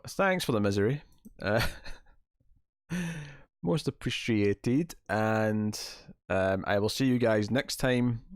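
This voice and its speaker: A man's voice: on the low side, no echo, clean studio sound. A young man hosting a livestream, chatting casually with viewers and reading their comments with wry, self-deprecating humor. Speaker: livestream host.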